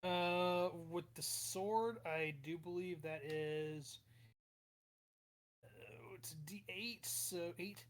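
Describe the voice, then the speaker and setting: Man counting dice damage slowly. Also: sits high, fairly even intonation. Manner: slow, counting aloud, hesitant. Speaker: player. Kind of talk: casual game chat.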